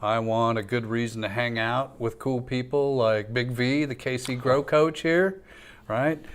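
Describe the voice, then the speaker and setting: Guy hosting a live cannabis stream, smooth clear voice, chatty and upbeat. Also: mid-range voice, steady tone, unhurried. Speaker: host. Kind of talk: live-streamed talk show chat.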